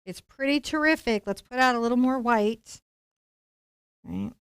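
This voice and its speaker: A woman's voice: on the high side, lively intonation, unhurried, clear, resonant tone, no room sound, studio quality. A woman leading a live-streamed painting lesson, talking playfully and encouragingly straight to her viewers. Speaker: painting instructor.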